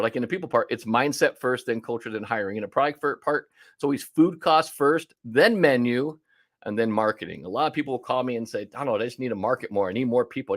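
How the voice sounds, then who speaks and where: A man coaching restaurant owners in an online workshop, with a mid-range voice. He talks in a punchy, conversational way and slips into little back-and-forth scenes acting out client calls. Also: mid-range voice.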